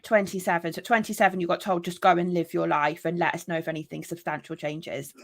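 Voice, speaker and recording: A woman's voice: on the low side, little pitch movement, fast, creaky. A woman hosting an interview, asking curious questions and reacting to her guest. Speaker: podcast host.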